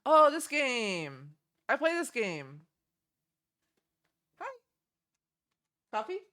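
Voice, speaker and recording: A woman's voice: high voice, very animated, extremely slow, fairly bright tone. A young woman streaming, chatting casually and giggling as she reacts to game trailers. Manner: chatty, giggly, easily delighted.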